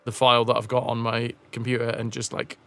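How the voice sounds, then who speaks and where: A man's voice: medium pitch, monotone, a little fast, fairly bright tone. A man streaming a retro game, chatting with viewers, joking, swearing and thinking aloud as he plays. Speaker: livestream gamer. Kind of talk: casual gameplay chat to stream viewers.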